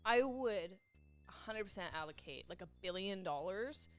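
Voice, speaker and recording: Lively, laughing young woman podcast guest. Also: medium pitch, normal speed, soft background music. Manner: playful, laughs often, riffs on jokes. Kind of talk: casual chat.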